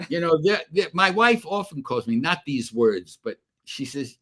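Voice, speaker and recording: A man's voice: fairly high pitch, big pitch swings, moderate pace, sharp tone. A man in his eighties, an actor guest on a radio show, telling a story and acting out both sides of the dialogue. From Brooklyn and Connecticut. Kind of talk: anecdotal storytelling.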